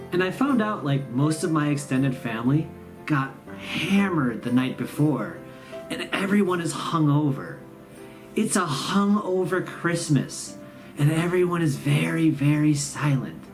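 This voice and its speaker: A host, telling a sarcastic, rambling comic story about the holidays. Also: mid-range voice. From Midwestern US. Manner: sarcastic, rambling, self-mocking. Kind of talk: comedic storytelling monologue.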